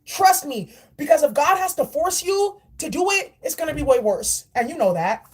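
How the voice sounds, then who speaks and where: A woman's voice: high voice, expressive, normal speed. A woman giving a spiritual oracle card reading in a blunt, preachy and profane way. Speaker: spiritual reader.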